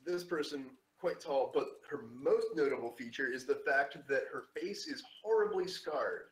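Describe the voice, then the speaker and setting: A man's voice: a little high, lively intonation, moderate pace. Guy running a tabletop game, lots of um and like, echoey room. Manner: rambling, filler-heavy, clears throat often. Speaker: game master.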